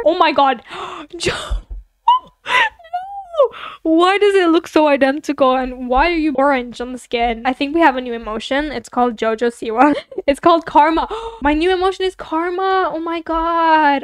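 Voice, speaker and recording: A young woman giving casual, giggly commentary while playing an online building game with her subscribers, often gushing and excited. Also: sits high, smooth, no room sound, studio quality. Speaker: gaming YouTuber.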